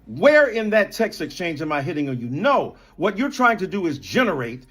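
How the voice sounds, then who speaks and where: High-voiced indignant man arguing on air. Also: big pitch swings, moderate pace, fairly bright tone, slightly rough. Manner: indignant, emphatic, lists charges word by word. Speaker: guest in a televised debate. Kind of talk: heated on-air argument.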